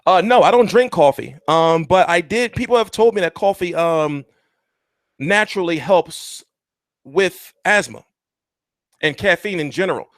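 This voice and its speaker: A man's voice: sits high, a little slow, no echo, clean studio sound. A man hosting a casual boxing livestream, rambling and joking crudely as he chats. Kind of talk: casual live-stream chat.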